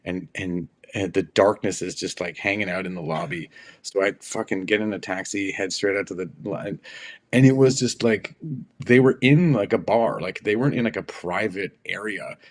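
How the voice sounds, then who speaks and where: A middle-aged man with a lowish voice spins loose, animated stories as a guest on a podcast. He swears casually and breaks into laughter between lines. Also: moderate pace. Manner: animated anecdotes, swears freely, laughs a lot. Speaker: actor guest. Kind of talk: casual interview storytelling.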